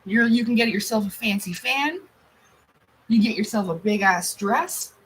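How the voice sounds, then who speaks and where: A woman's voice: mid-range voice, normal speed, a bit bright, a little hiss or hum, low-quality recording. A woman in her forties hosting a casual livestream, chatty and rambling. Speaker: livestream host.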